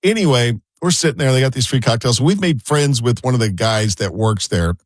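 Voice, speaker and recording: A man's voice: medium pitch, expressive, brisk, no echo. A man co-hosting a talk show, telling chatty, rambling anecdotes full of asides. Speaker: co-host. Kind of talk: casual talk-show storytelling.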